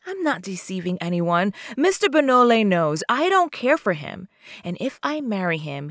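A woman reading aloud, voicing a gentle but obstinate young woman who speaks softly and pleadingly to her sweetheart. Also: medium pitch, dry recording, studio quality. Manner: soft, pleading, tender.

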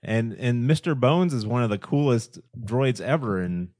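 Animated podcast co-host, lively pitch. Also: male voice, normal speed, dry recording, studio quality. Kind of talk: casual chat.

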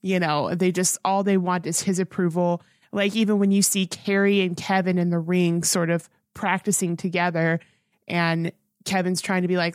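A woman's voice: lowish voice, flat delivery, moderate pace, no echo. Woman podcast cohost, casual movie chat, rambles a lot, dry sound. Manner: earnest, rambling, many restarts. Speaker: podcast co-host. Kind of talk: casual film review chat.

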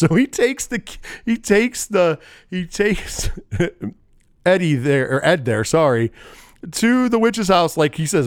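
A man's voice: on the high side, very animated, unhurried, smooth, no room sound, clean studio sound. A man giving a casual, rambling movie recap, digressive and wry, with profanity and frequent self-corrections. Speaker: movie reviewer.

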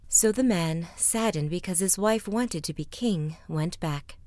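A woman reading a fairy tale aloud, slipping into soft whispers at times. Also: fairly low pitch, a little slow, no room sound. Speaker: storyteller.

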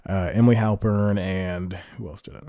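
A man with a fairly low, mellow voice hosts a casual podcast, rambling and correcting himself as he goes. He laughs at his own asides. The recording is dry and close. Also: steady tone, moderate pace, no echo. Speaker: podcast host. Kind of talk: casual solo podcast talk.

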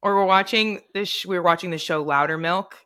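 A woman in her twenties co-hosting a podcast in casual chat, animated and laughing often as she jumps in with stories. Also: lowish voice, a little fast. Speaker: podcast co-host.

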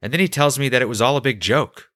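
Guy telling a story on his podcast, deadpan, bright punchy voice, super dry sound. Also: medium pitch, fast, no echo. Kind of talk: personal storytelling.

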